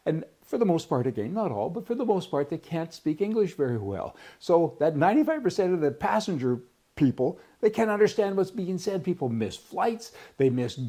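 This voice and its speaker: A man's voice: on the high side, warm tone. A man from Canada giving a blunt, rambling opinion monologue, restarting his sentences and breaking into sudden exclamations. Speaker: political commentator.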